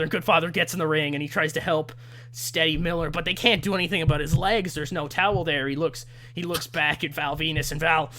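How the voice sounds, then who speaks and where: A young man co-hosting casual game commentary, telling the action in an animated way and laughing often. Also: fairly high pitch, slight background noise. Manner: animated storytelling, laughs often, slips into voices. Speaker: co-host.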